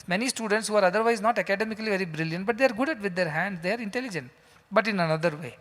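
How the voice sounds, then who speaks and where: A man's voice: sits high, rapid-fire, a bit bright. A man giving a sermon as a spiritual teacher in a large hall, emphatic and full of rhetorical questions. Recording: long hall reverb.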